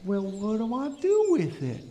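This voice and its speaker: A man's voice: high-pitched, wildly swooping pitch, unhurried, mellow, slight background noise, heavily acted. A man voicing a sulky little female alligator in a children's story, with a whiny, plaintive voice.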